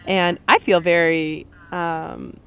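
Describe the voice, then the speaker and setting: A woman's voice: on the low side, flat delivery, slow, a bit bright, clean tone. A young woman hosting a podcast with a head cold, chatting casually in a rambling, playful way with lots of giggles and wordplay. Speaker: podcast host. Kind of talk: casual chat.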